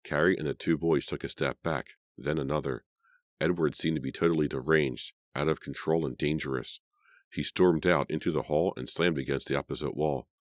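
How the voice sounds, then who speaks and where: A man narrating a horror novel as an audiobook, in a dramatic, measured reading. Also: a bass voice, steady tone, dry recording, clean studio sound.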